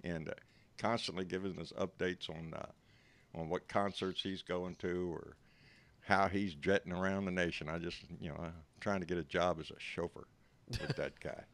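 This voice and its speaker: A man with a Texan accent hosts a live stream in a folksy, chatty way. His voice sits a little low. He greets viewers by name and calls them buddy. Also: steady tone, moderate pace, a bit bright. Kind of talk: casual chat.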